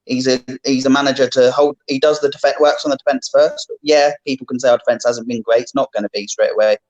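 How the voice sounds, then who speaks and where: A man's voice: medium pitch, fairly even intonation, fast, a little mellow, dull audio. A man calling in as a fan, talking earnestly with frequent restarts. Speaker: caller. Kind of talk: fan phone-in chat.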